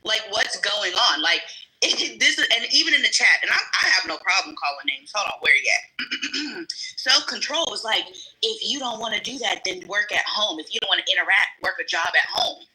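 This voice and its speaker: A woman's voice: medium pitch, expressive, moderate pace, pushed and bright, poor audio. A young adult woman telling a personal story bluntly on a live panel, with casual swearing. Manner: blunt, frank, swears freely. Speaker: livestream panel guest.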